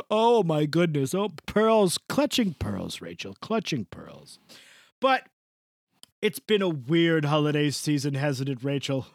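Man putting on a crude boastful Santa, swooping lively pitch, rather high, dry close sound. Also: no echo, heavily acted. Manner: voice swooping up and down in a creepy way; rambling, boastful, crude, laughing. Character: crude foul-mouthed Santa Claus, male, old, boastful. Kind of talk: improvised comedy podcast bit.

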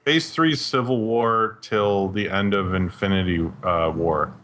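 A man's voice: on the low side, a little slow, a bit bright. A man co-hosting a casual chat, explaining details and correcting the others. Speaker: podcast co-host.

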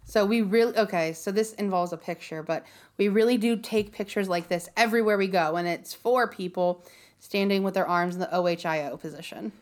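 A woman from Ohio co-hosting a podcast, chatting casually and acting out quoted exchanges with lively energy. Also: mid-range voice, brisk. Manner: animated storyteller, acts out quotes with laughter. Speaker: podcast co-host. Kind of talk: casual chat.

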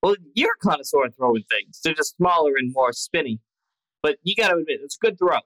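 A man's voice: a little high, lively intonation, fast, fairly bright tone, no echo, low-quality recording. A man playing a tabletop game, stammering through restarts and joking with the table. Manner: stammering, restarts a lot, laughs. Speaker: player. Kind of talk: casual tabletop banter.

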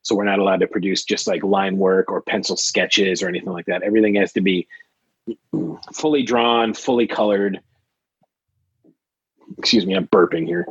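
A man's voice: low-pitched, fairly even intonation, fairly quick, husky, no room sound, highs cut off. A man talking as a guest on a casual podcast, explaining his freelance work with many fillers and restarts. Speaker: guest, trading card artist.

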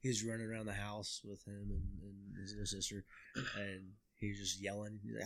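A man's voice: fairly low pitch, completely flat delivery, a little fast, a bit bright. A man chatting casually as a podcast co-host, joking and teasing with frequent laughter. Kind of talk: casual chat.

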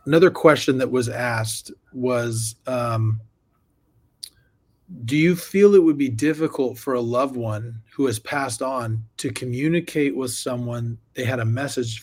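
A man's voice: mid-range voice, measured pace, husky. A man in a mid-range voice hosts an interview podcast. He asks questions in a loose, casual way and keeps the talk going with short interjections. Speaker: podcast host.

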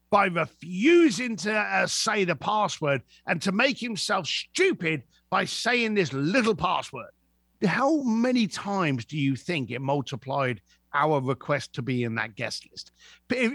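Lively storytelling man. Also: high-pitched, no room sound, clean studio sound. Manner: lively, acts out voices in anecdotes. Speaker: guest, author. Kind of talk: animated storytelling.

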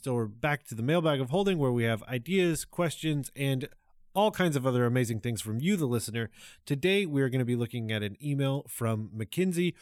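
A man's voice: medium pitch, expressive, a little fast, no echo, studio quality. Man hosting a mailbag segment. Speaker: podcast host. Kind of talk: segment introduction.

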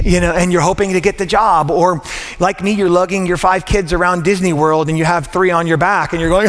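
A man in his thirties preaching a sermon and praying, animated, often repeating words as he builds up. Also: brisk, a little hiss or hum. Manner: animated, repeats words when excited, rising pitch. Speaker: pastor. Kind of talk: sermon with prayer. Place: church auditorium. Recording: long hall reverb.

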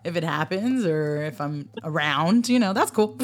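A woman's voice: low-pitched, expressive, moderate pace, slight background noise. A woman co-hosting a podcast in casual chat, playful and teasing, laughing often. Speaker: podcast host.

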